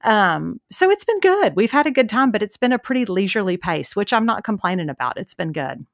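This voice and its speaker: A woman co-hosting a podcast, chatting casually and telling stories with plenty of filler words. Her voice sits at an ordinary middle pitch and sounds dry and close. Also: big pitch swings, a little fast, no echo. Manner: warm storytelling, many fillers like "like" and "so". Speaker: podcast co-host. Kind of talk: casual chat.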